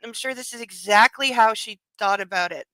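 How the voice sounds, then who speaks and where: A woman's voice: a little high, brisk, pushed and bright, dry recording, poor audio. A woman at home reading a book aloud and adding sarcastic, swearing commentary. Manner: sarcastic, swears freely, talks to her dog.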